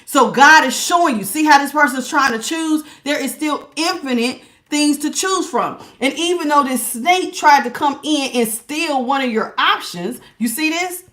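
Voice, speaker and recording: A woman's voice: high voice, normal speed, hardly any pauses, a bit bright. A woman giving a live spiritual tarot reading, preachy and emphatic, repeating words for stress. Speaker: tarot reader.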